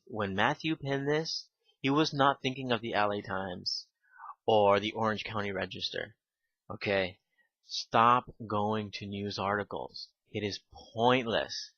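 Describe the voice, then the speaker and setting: A man giving casual spoken commentary, halting with fillers and restarts, and given to irritated asides. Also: on the low side, a bit bright, no room sound. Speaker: video commentator. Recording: dull lo-fi home recording.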